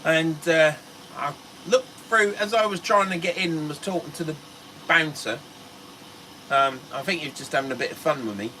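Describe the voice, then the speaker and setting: A middle-aged man with a Norfolk English accent tells a long story in a chatty, rambling way, laughing as he goes. His voice sits a little high for a man and sounds bright and forceful. A faint hum of background noise runs under him. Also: moderate pace, rough recording. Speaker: fishing channel host. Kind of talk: casual storytelling on a livestream.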